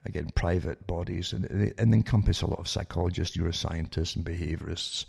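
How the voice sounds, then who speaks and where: A man's voice: deep voice, brisk, creaky, a little mellow, husky. An older man hosting a talk radio show, rambling with many restarts and sarcastic asides that end in "eh?".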